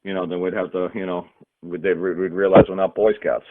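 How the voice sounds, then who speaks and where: Very deep-voiced blunt man on a phone line. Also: flat delivery, fairly quick, background noise. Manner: blunt, profane, emphatic. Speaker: teacher of a study group. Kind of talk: casual talk, storytelling. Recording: tinny phone-line sound.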